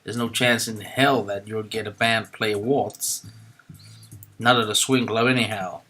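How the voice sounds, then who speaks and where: A man voicing a chatty young taxi driver from the 1920s, loud and full of folksy slang. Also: fairly low pitch, steady tone, normal speed, soft background music. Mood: brash.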